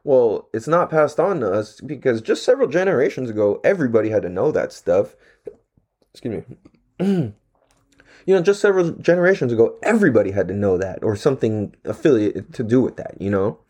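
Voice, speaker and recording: Casting: laid-back man, casual profane slang, swoops widely in pitch, a little dry-throated. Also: very animated, a little fast, darkish tone. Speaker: vlogger. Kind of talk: casual rambling monologue.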